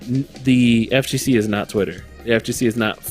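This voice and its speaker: A man's voice: medium pitch, fairly quick, darkish tone, faint music behind. Rambling male podcast co-host. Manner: rambling, stops to search for words. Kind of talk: casual podcast chat.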